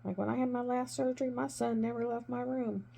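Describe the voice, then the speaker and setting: A middle-aged woman and former nurse chatting casually while she crafts, retelling conversations with emphatic, animated delivery. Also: on the high side, fairly quick, creaky.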